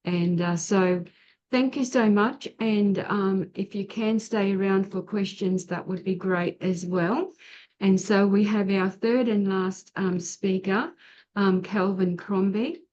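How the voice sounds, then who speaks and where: A woman's voice: mid-range voice, fairly even intonation, slow, a little mellow, dull audio. A woman hosting an online seminar, introducing speakers in an effusive, hesitant way with many fillers. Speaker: seminar host. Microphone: video call.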